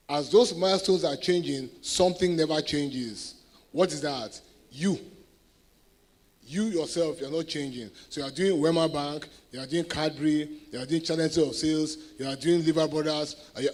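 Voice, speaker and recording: A middle-aged Nigerian man speaks to a sales audience in a fairly high voice. He tells his stories with animation. He keeps checking in with the crowd to make sure they follow. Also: a little mellow. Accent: Nigerian English. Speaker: guest speaker at a sales event. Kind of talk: motivational talk to an audience.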